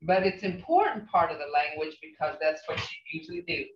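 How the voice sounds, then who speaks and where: An older woman teaching a language class, speaking slowly and repeating phrases with emphatic questions. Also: low voice, big pitch swings. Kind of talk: language lesson. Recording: roomy, distant, dull sound.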